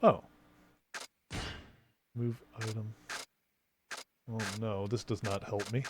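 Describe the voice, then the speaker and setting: A man's voice: on the low side, little pitch movement, slow pace, background noise. A man streaming a game live from home into a desk microphone, chatting playfully, rambling between gameplay remarks and teasing his cat.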